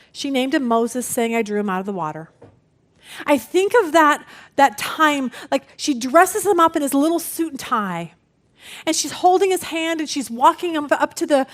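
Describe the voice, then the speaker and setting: A middle-aged woman teaching a women's Bible study, telling family stories with expressive, acted-out voices. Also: high-pitched.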